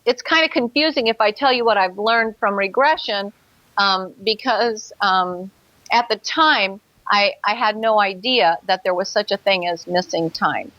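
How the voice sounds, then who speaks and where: A woman guest tells her personal story in an interview, earnest and vivid, pausing on fillers as she recalls details. Her voice sits at an ordinary pitch. The sound is dry and a little dull, with no room echo. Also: sharp tone.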